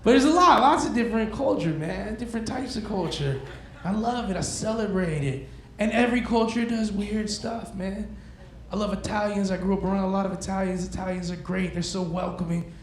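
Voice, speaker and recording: A man works a comedy club crowd with casual, crude banter. His voice sits high and has a gravelly edge. The room is echoey, with faint crowd noise behind him. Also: brisk. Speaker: stand-up comedian. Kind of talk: stand-up comedy set.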